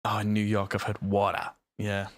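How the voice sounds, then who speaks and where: Rambling English man, dry and low. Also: completely flat delivery, moderate pace, no echo. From north of England. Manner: rambling, chatty, self-deprecating. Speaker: mixing engineer and streamer. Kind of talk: casual live-stream chat.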